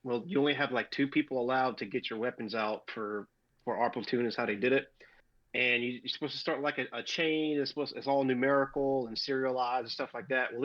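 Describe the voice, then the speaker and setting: A man's voice: medium pitch, dull audio. A man on a casual podcast, telling a story with lots of swearing. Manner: profane, animated storyteller. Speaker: podcast co-host.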